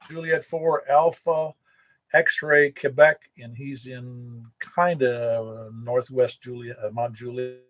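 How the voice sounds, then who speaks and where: A man's voice: mid-range voice, fairly even intonation, takes it slowly, rough recording. Chatty man running a ham radio net. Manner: rambling, chatty, with self-corrections and chuckles. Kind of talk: casual on-air radio chat.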